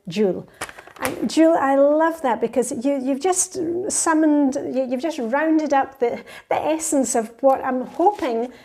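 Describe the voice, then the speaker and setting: A woman's voice: sits high, dark tone. A woman in her fifties, a lifestyle vlogger chatting enthusiastically as she reads out and answers viewer comments. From Scotland. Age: 50s.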